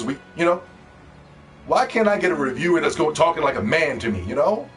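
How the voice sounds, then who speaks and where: A male streamer in a heated, mocking rant, swearing freely as he reacts. His voice sits a touch high and sounds somewhat distant from the mic. Faint music plays underneath. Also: sing-song, normal speed. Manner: loud, profane, mocking ranting.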